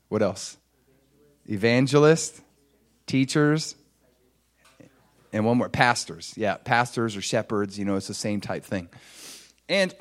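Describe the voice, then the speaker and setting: Conversational pastor with a light Midwest accent. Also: male voice, mid-range voice. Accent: slight Upper Midwest. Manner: conversational and self-deprecating, with laughs and restarts. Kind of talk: sermon.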